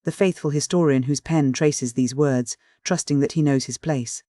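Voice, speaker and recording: A man's voice: a little high, dark tone, no echo, studio quality. Man narrating a classic novel. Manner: formal, measured reading of ornate prose. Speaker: audiobook narrator. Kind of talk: scripted narration.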